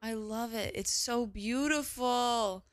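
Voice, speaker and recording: A young woman streaming a game, chatting casually and gushing with excitement, often exclaiming and swearing. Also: on the high side, takes it slowly, no echo. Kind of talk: casual live gaming commentary.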